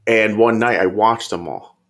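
Low-voiced easygoing guy, swearing freely. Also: fairly even intonation, normal speed, a bit bright. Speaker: podcast guest. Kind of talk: casual chat.

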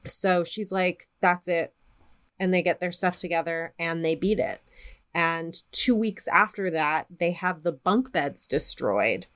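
A woman's voice: lowish voice, measured pace. A woman co-hosting a podcast, casually retelling a ghost story with plenty of swearing. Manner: profane, animated retelling of a spooky story. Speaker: podcast co-host.

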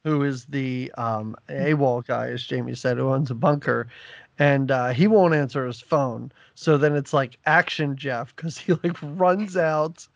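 A podcast host chatting casually about a film, with relaxed, quick asides. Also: mid-range voice, gravelly, dry recording, lo-fi sound. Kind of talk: casual chat.

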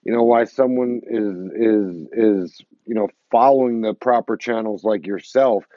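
Calm, hesitant low-voiced man. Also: moderate pace, no echo. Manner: calm, hesitant, many uh fillers. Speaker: podcast co-host. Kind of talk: casual podcast chat. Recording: dull lo-fi dry sound.

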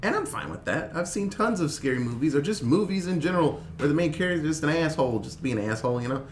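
Man with a lively, bouncing voice. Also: fairly high pitch, fast talker. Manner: recapping the plot, then leading the questions. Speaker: podcast host. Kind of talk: casual movie review chat. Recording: echoey room, faint noise.

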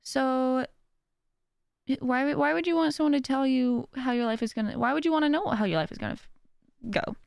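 A woman's voice: high voice, a little fast, vocal fry, clean tone, dry recording, clean studio sound. A young woman hosting a podcast, talking casually and self-deprecatingly, often laughing and acting out what others said. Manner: chatty, self-deprecating, laughs often, acts out quoted voices. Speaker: podcast host. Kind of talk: casual personal chat.

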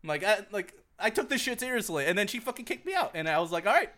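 A young man from Virginia co-hosting a podcast, telling stories in an animated, profane, laugh-filled casual chat. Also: high-pitched, fast talker. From Virginia, USA. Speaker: podcast co-host. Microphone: podcast mic on a group call.

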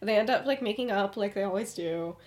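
A woman's voice: medium pitch, quick pace. A young woman casually recapping her own fan story for friends, chatty and full of "like", laughing often. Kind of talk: casual chat.

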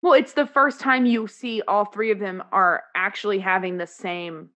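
Speaking at a moderate pace in a mid-range voice, this podcast co-host casually discusses a musical. She's animated, quoting lyrics and performing lines as she retells a scene.

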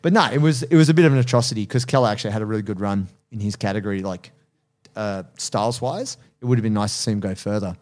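A man's voice: lowish voice, quick pace, darkish tone. A man hosting a casual podcast, talking animatedly about jiu-jitsu coaching, laughing often and swearing casually.

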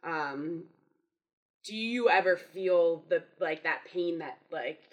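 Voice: mid-range voice, slow pace, low-quality recording. A podcast host who asks long, hesitant questions filled with "um" and "you know". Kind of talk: casual podcast interview.

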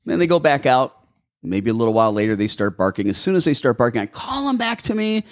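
A man's voice: mid-range voice, very animated, quick pace. A middle-aged man co-hosting a casual talk on dog training, acting out owners and dogs with big jumps in his voice. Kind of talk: casual podcast chat.

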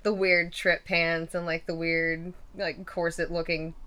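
A woman's voice: on the low side, flat delivery, unhurried, crowd noise. A woman in her twenties chatting casually as an interviewee, rambling with lots of fillers and frequent laughter. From western Pennsylvania. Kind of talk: casual chat.

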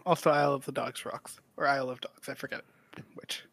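Bright, wry-sounding male co-host. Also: mid-range voice, fairly even intonation, a little fast, no echo. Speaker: podcast co-host. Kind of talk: casual chat.

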